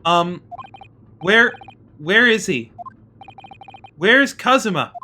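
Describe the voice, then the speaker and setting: A woman's voice: low-pitched, big pitch swings, normal speed, bright, forceful tone, slight background noise, full character voice. A woman voicing a nervous young male law student from a game, stammering anxiously.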